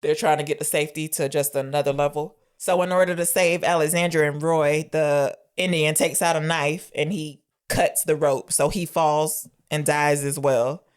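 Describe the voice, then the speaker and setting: Low-voiced lady chatting about a movie, acts out the lines, laughs a lot. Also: moderate pace, few pauses, clear, resonant tone. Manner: retells scenes, quoting lines in animated voices, laughs often. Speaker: podcast co-host. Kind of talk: casual film review chat.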